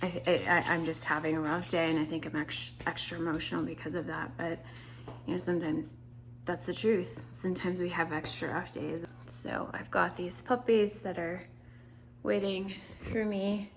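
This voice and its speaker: A woman's voice: fairly low pitch, flat delivery, normal speed, a little hiss or hum. Tired woman rambling in a video diary. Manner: rambling, emotional, laughing through sadness. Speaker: vlogger recovering from surgery. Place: home kitchen.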